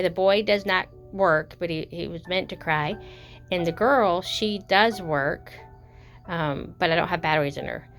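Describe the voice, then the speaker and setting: A woman talks through a casual show-and-tell vlog, rambling and gushing as she goes. Her voice sits a little low, with fillers and little self-corrections. Faint music plays underneath. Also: fairly bright tone. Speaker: doll collector vlogger.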